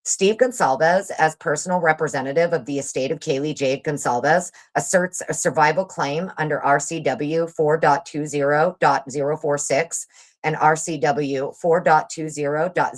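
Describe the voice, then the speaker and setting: A woman hosting a casual livestream, reading a legal document aloud quickly and breaking off into sarcastic, profane asides to her chat. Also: deep voice. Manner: fast reader. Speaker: livestream host.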